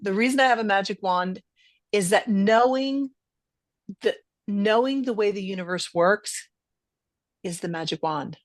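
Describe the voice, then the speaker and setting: A woman's voice: mid-range voice, a little slow, pauses often, dry recording. Middle-aged woman hosting a podcast, leans hard on words, dry close sound. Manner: emphatic, stresses words. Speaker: podcast host. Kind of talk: casual podcast conversation.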